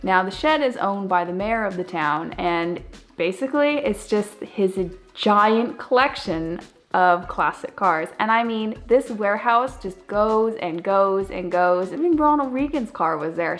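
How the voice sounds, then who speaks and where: A woman's voice: medium pitch, expressive, measured pace. A young woman narrating her travel vlog in a chatty, upbeat way, with plenty of filler words. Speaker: travel vlogger.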